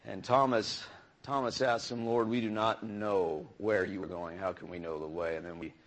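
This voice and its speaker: A man's voice: fairly low pitch, fairly even intonation, normal speed. A man preaching a conversational sermon, often restarting phrases and asking the congregation questions.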